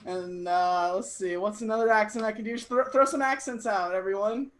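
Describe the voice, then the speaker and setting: A woman's voice: medium pitch, normal speed, low-quality recording. A woman hosting an online comedy show, joking and self-deprecating, laughing often. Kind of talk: casual stand-up hosting.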